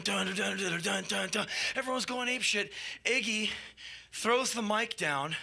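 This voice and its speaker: A man telling a wild anecdote in an excitable, profane way, shouting and mimicking sound effects as he goes. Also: sits high, gravelly, slightly rough. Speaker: spoken-word storyteller.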